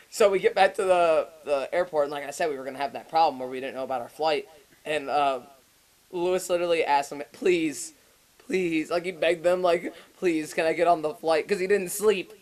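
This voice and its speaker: A man's voice: fairly high pitch, moderate pace, rough recording. A young man, a podcast co-host, telling a long story in casual, profane chat and often laughing as he goes.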